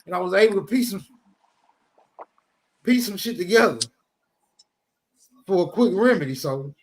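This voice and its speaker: High-pitched gravelly man, blunt slang. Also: lively intonation, moderate pace. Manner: blunt, heavy slang and profanity. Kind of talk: casual chat.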